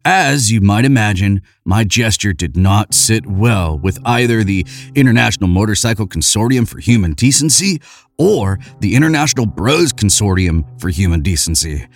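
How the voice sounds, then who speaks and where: A man narrating a comic first-person story in a deadpan, boastful way with a dry delivery. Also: lowish voice, moderate pace.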